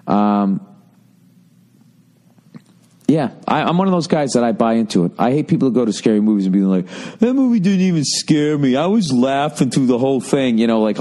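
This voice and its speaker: Reading letters from listeners, the male host of a comedy podcast rants in a relaxed, foul-mouthed, meandering way with a sarcastic edge. His voice is lowish and mellow.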